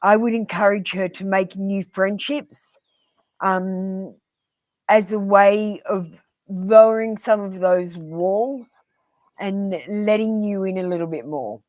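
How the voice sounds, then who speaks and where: A woman with an Australian accent giving blunt, earnest tarot readings on a live stream, pausing often with ums. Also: mid-range voice, darkish tone, no room sound. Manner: blunt and earnest, addressing viewers by name; frequent ums and pauses. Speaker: tarot reader.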